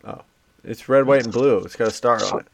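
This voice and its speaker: A man trades crude, sarcastic jabs in a loose podcast chat. He rants with plenty of swearing, and his voice has a gravelly fry to it. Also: mid-range voice, a little fast. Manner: sardonic, crude, ranting. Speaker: podcast co-host. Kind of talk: casual profane chat.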